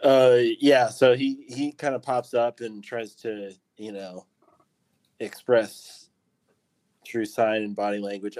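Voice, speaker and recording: A man's voice: medium pitch, level tone, takes it slowly, a little mellow. A man playing a tabletop game, casually describing what his character does. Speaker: player.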